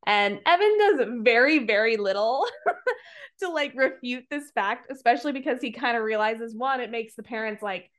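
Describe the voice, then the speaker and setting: A woman's voice: fairly high pitch, animated, normal speed, a bit bright. A woman on a podcast retelling a movie plot in casual chat, rambling with lots of fillers and some swearing. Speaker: podcast co-host reviewing a movie.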